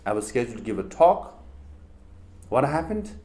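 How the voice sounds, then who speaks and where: A man's voice: mid-range voice, moderate pace. A middle-aged man with a Tibetan accent, giving a public talk to a university audience and telling stories with rhetorical questions. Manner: animated storytelling with rhetorical questions. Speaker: public speaker.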